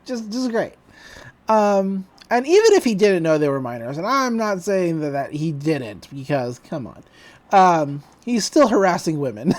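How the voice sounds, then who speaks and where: A woman's voice: low voice, a little mellow. A woman co-hosting a podcast, chatting casually as she retells an episode and laughs along. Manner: chatty, retells scenes with quick voices and laughs. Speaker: podcast co-host.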